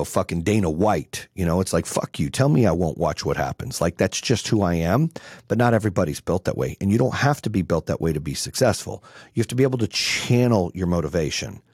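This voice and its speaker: Swearing freely and sounding brashly sure of himself, a man in his forties gives a profane, no-nonsense motivational speech as a business coach. The low, slightly mellow voice has a breathy edge and comes through a dry, studio-quality recording.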